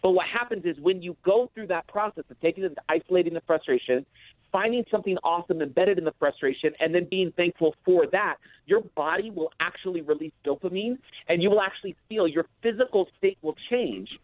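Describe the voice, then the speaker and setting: A man's voice: high-pitched, a little fast, dry recording, phone-quality sound. A man talking as a podcast guest, telling stories with energy and acting out his own reactions. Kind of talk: podcast conversation.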